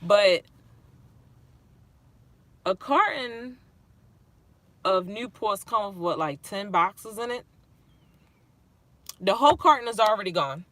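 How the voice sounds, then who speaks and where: A woman talks to her livestream chat about caring for her father. She sounds frustrated and on the edge of tears, rambling and swearing as she goes. Her voice is bright and tense. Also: medium pitch, animated, slow pace, pauses often, no echo. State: close to tears. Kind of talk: livestream vent, reading chat.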